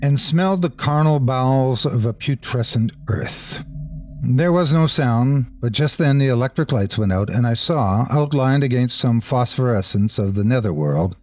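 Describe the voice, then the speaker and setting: A man's voice: mid-range voice, expressive, darkish tone, soft background music. Man narrating a horror tale. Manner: measured, shifting pace for suspense. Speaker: host and narrator. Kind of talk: dramatic horror story narration.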